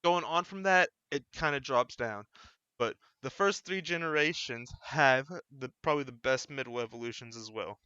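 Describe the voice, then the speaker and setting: A channel host chats casually in a solo vlog, relaxed and rambling, often correcting himself. His voice is bright, smooth and mid-range, at a moderate pace. The dry, slightly dull recording comes from a desk mic in a home room with a fan running.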